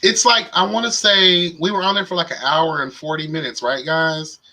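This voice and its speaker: A man's voice: on the high side, steady tone, normal speed, pushed and bright. A man hosting a casual livestream and chatting with viewers in a sassy, playful way. He sounds tired. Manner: sassy and playful, calls viewers "child" and "honey". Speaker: livestream host.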